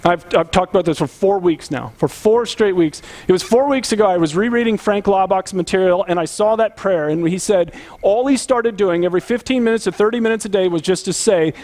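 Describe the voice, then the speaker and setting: A man's voice: high voice, brisk, few pauses, a little mellow. A man preaching a conversational sermon as pastor, earnest and emphatic, putting direct questions to the congregation.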